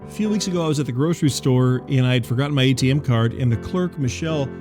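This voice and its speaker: A man hosting a comedy podcast, telling a rambling story in a deadpan, conversational way. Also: medium pitch, quick pace, over music. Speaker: podcast host and narrator. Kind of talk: comedic monologue.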